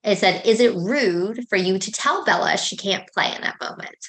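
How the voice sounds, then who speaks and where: Mom podcast host, 30s woman, animated chatty storyteller, acts out her kids. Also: medium pitch, normal speed. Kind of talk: casual chat.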